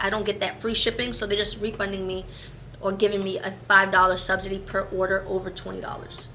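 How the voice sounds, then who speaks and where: A woman who runs a made-to-order shop, chatting quickly and casually as she explains how selling online works. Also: medium pitch, pushed and bright, a little hiss or hum. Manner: fast-talking, chatty, self-aware about speed.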